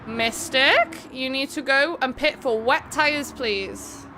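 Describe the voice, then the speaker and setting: With background noise behind her, a high-voiced woman from England commentates a racing game live. An English-accented streamer hosting an online racing event, she keeps the race calls quick and chatty and greets viewers by name.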